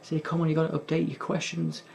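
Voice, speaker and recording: A man's voice: fairly high pitch, completely flat delivery, fast, creaky, a little mellow, a little hiss or hum. A young man hosting a gaming video, rambling in casual sardonic commentary and swearing often. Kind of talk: casual commentary while playing.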